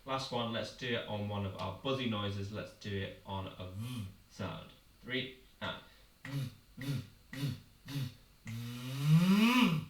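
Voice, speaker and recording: A man teaching singers a vocal warm-up, guiding them step by step with encouraging explanations. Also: fairly low pitch, moderate pace. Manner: clear, encouraging step-by-step coaching with demonstrated sounds. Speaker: singing teacher. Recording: roomy echo, a little far from the mic, faint noise.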